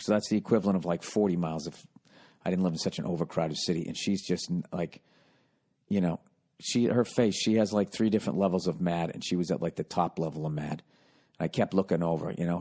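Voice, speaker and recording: Profane, lower-voiced man telling a comic story. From United States. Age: 40s. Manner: profane, exasperated, swings into loud excited retelling. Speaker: podcast host.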